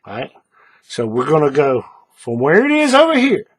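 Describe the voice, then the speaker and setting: Lively husky man teaching a craft. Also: a little high, normal speed. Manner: patient, repeats steps, checks in with "all right?". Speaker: paracord bracelet instructor. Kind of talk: hands-on craft tutorial.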